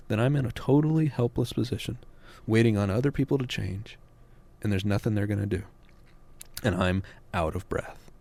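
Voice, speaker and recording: A man's voice: medium pitch, quick pace, creaky, mellow, no echo. An American man, a parenting author, answering a radio interviewer in an earnest way that builds to emphatic peaks.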